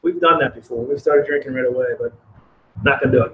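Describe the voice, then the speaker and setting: A man's voice: medium pitch, quick pace, narrow, tinny audio, slight background noise. Chatty man live-streaming outdoors. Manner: chatty, reads chat aloud, rambling. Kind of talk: casual live-stream chat. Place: outdoors in the cold.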